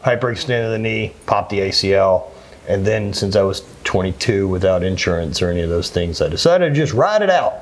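A man's voice: deep voice, lively intonation, fairly quick, a little hiss or hum. A man in his thirties, a former athlete, talking earnestly and plainly as an interview guest, often restarting his sentences. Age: 30s. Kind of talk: candid conversational interview.

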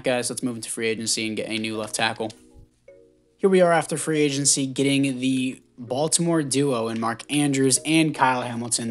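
A man giving casual commentary on a football video game, chatty and thinking out loud, often stumbling over names and correcting himself. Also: mid-range voice. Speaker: gaming YouTuber.

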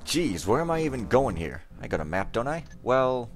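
A man's voice: mid-range voice, very animated, normal speed. A man giving casual let's play commentary, rambling with self-mocking, jokey asides.

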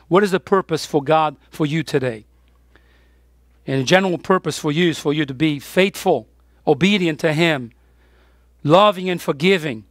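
A man's voice: on the high side, no room sound, clean studio sound. A man preaching a sermon as pastor, emphatic, with his voice rising on the key points.

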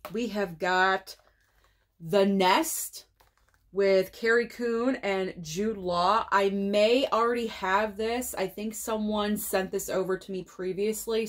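A middle-aged American woman talks her way through an unboxing, chatty and excitable. Her voice sits at an ordinary mid pitch, and she gushes over each movie as it comes out of the box. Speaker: movie collector vlogger. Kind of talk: casual unboxing chat.

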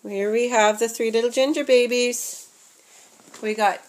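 A woman's voice: on the high side, steady tone, a little slow. A young woman talks casually in a home vlog while she shows her dolls. She rambles, fills gaps with little hesitations and corrects herself as she goes. Now and then her voice sinks almost to a whisper. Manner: chatty and rambling, with fillers and self-corrections; talks softly, sometimes dropping to a near whisper. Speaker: vlogger showing her reborn dolls. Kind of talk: casual chat.

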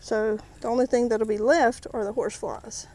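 A woman vlogs from the waterside, casually describing every catch and talking to the fish as she takes them off the hook. Her slightly high voice is warm, with fairly even intonation and a moderate pace. The audio is poor.

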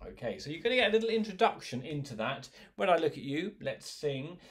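A man leading a choir rehearsal, gently giving instructions, counting in and singing short lines for the singers to repeat. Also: fairly high pitch, sing-song, fairly quick. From England. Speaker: choir leader. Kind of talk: online choir rehearsal, call and response.

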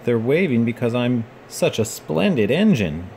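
A man's voice: on the low side, very animated, a little fast, a little mellow, slight background noise. A man reading aloud and voicing an eager, impatient little tank engine, fussy and boastful in manner. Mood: proud.

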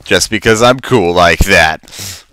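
Bright, crisp-voiced young man gaming. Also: sits low, takes it slowly, dry recording. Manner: rambling, self-talking, stammers when surprised. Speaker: Let's Play commentator. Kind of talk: casual gameplay commentary.

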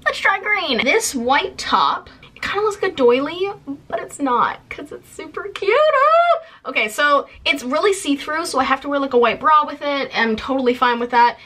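A woman's voice: sits high, sharp tone. A young woman from Canada in her twenties, chatting casually on camera about things she bought and was given, bubbly and full of fillers. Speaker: vlogger. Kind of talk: casual haul chat.

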